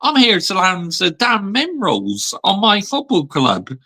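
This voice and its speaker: A man's voice: sits high, wildly swooping pitch, a little slow, bright, forceful tone. A man in his thirties ranting on a fan vlog, heated and sweary, still seething after a defeat. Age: 30s. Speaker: football fan vlogger.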